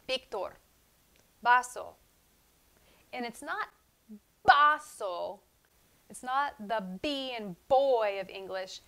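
A woman teaching a Spanish pronunciation lesson in English, slowly demonstrating and repeating each sound aloud. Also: on the high side, bright, forceful tone, smooth. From not from Spain.

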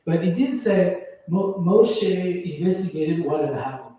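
A man's voice: high-pitched, expressive, a little slow, dark tone. A man teaching a Torah class to a group in an informal, searching way, with many restarts and fillers. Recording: very echoey room.

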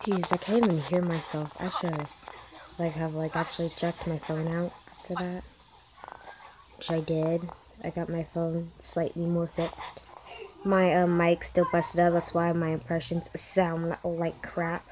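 A young woman in a casual reaction chat, with a somewhat low voice. She sounds apologetic and self-conscious. Her broken phone mic adds a noisy hiss. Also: little pitch movement, a little slow. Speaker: video co-creator.

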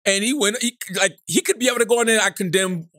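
A man's voice: very high-pitched, quick pace, sharp tone, no room sound, studio quality. A male podcast co-host in casual comedic chat, blunt and profane, with sing-song emphasis and "you know what I'm saying?".

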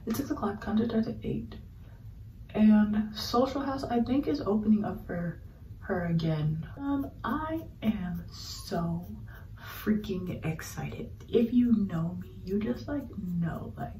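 A woman's voice: mid-range voice, a little slow, dark tone, slight background noise. A young woman chats to her camera as she gets ready, gushing and rambling with plenty of slang. She sometimes sinks into a whisper mid-thought. The sound is roomy and a little distant, like a phone propped up across the room. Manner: gushing, chatty, frequent fillers and slang; drops to a whisper while doing makeup. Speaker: vlogger. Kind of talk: casual get-ready-with-me vlog. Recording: roomy, slightly distant home recording.

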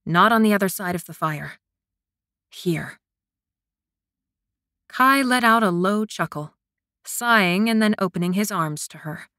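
A woman narrating a romance audiobook in a soft, intimate storytelling manner. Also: medium pitch, lively intonation, unhurried, long pauses, dry recording, studio quality. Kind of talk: scripted narration.

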